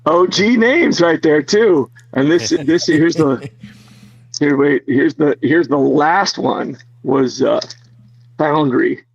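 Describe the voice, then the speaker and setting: A man being interviewed as an actor guest, telling stories in an animated way, laughing often and full of fillers. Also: a little high, takes it slowly, creaky, breathy edge, dull audio. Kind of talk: casual interview storytelling.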